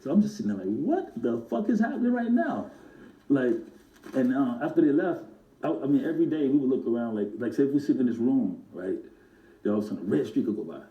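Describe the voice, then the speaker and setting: A man, a music producer and guest, telling stories in an animated way and acting out the voices of the people in them. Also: medium pitch, rapid-fire, echoey room, dull audio. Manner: acts out other people's voices in his stories. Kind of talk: animated storytelling.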